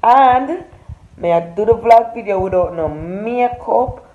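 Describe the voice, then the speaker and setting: A woman's voice: medium pitch, animated, measured pace, warm tone, slight background noise. A young Jamaican woman talking to her followers in a chatty, rambling vlog. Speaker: vlogger. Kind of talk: casual vlog talk. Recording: tinny phone-like audio in an echoey room.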